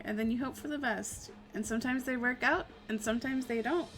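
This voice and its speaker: A woman's voice: a little high, a little fast, few pauses, soft background music. A young adult woman streaming live, chatting casually with viewers in a giggly, rambling way and swearing freely. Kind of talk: casual chat while answering viewer questions.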